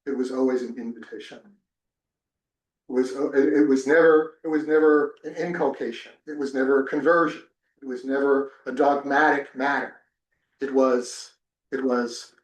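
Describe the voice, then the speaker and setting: A religion professor from New Jersey teaches a class in a temple classroom, speaking at a moderate pace with a medium-pitched voice. He tells personal stories animatedly, with many restarts, and the room sounds echoey.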